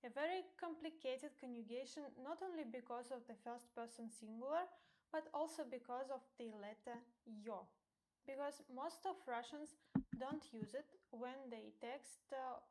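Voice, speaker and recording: A woman teacher giving a lesson, speaking carefully and spelling things out clearly. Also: high voice, moderate pace, a little mellow. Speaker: language teacher. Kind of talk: slow instructional lesson.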